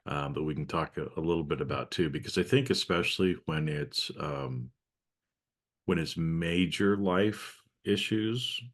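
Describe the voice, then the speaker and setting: Low-voiced man in meandering chat. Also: a little slow. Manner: loose, meandering, frequent fillers. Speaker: podcast host. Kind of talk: casual conversation.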